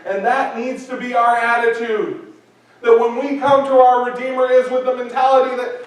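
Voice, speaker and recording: A man's voice: extremely high pitch, flat delivery, normal speed. A man preaching a sermon in earnest, repeating his key lines and acting out quotes. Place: church sanctuary. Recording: echoey church hall from a distance.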